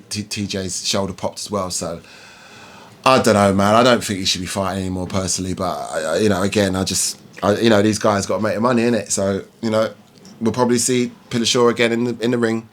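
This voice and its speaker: A man's voice: on the low side, a bit bright. A man giving a casual, rambling fight review, full of ums and restarts. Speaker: MMA vlogger.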